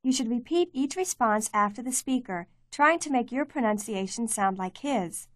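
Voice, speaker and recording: A woman giving clear, measured scripted narration for a language course. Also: fairly high pitch, animated, fairly bright tone, no echo, studio quality. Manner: clear, measured teaching delivery.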